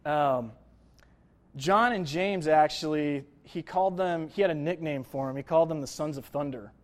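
A man's voice: on the high side, normal speed. A young man preaching a casual, conversational sermon, joking and filling his talk with "like" and "uh". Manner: conversational, jokey, lots of fillers like "like" and "uh". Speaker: pastor.

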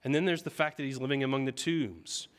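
A man preaching a sermon, telling the story vividly and often checking in with the listeners with a quick "right?". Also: mid-range voice, steady tone.

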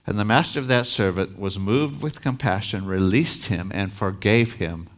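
A man's voice: fairly low pitch, normal speed. A man preaching a sermon as a pastor, reading scripture aloud and explaining it, rising in force on key lines.

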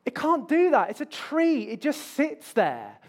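A man's voice: very high-pitched, huge pitch swings, unhurried. A man preaching a sermon, telling self-mocking stories with playful asides. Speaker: pastor.

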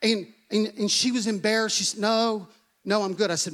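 A man's voice: high voice, fairly even intonation, normal speed, a bit bright. A man, a pastor, preaching a sermon in an earnest way, often asking "okay?" and repeating phrases.

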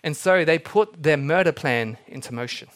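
A man's voice: fairly high pitch, normal speed. A young adult man preaching a sermon, telling the story with energy and acting out the characters he quotes. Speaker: pastor.

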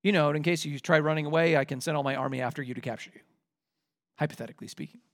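A man doing a smug, condescending king who haggles with a wheedling tone, pitched fairly high for a man. It comes across as a quick voice sketched in the middle of a sermon rather than a full character performance. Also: a bit bright. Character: smug bargaining male king.

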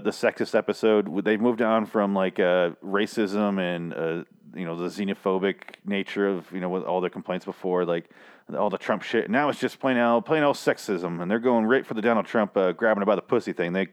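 A man with a somewhat low voice hosts a review podcast in a loose, casual way. He rambles, swears freely, and keeps restarting his sentences with fillers. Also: brisk. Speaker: podcast host reviewing a TV series. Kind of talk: casual chat.

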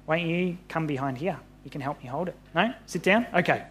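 A man reading a Bible story aloud to children in an animated, friendly way. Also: on the high side, fairly quick, a little hiss or hum. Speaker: pastor.

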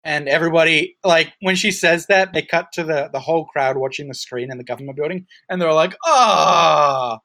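A man's voice: on the high side, fast, hardly any pauses, pushed and bright, no echo. A man chatting casually as he recaps a film, rambling with many fillers and restarts.

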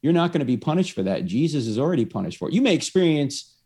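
A man's voice: a little high, sing-song, quick pace, a little mellow, slightly rough. A man explaining his faith to one listener through a story, acting out the lines of the people in it. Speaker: evangelist.

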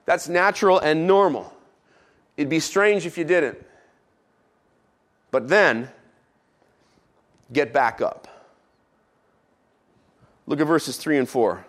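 Dramatic male pastor with a fairly high voice. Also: slow pace, long pauses. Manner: dramatic, drops low and quiet for emphasis, playful asides. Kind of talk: sermon.

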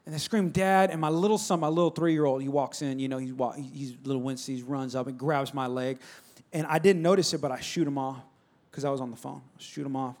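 A man's voice: medium pitch, steady tone, quick pace, hardly any pauses, a little mellow. A man preaching a sermon in a conversational, emphatic style, repeating phrases and calling out to the congregation. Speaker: pastor.

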